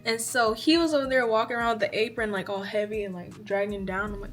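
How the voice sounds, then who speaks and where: A woman in her twenties chatting casually to camera, telling a story and acting out her own reactions with lively emphasis. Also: mid-range voice, fast talker. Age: 20s. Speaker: vlogger.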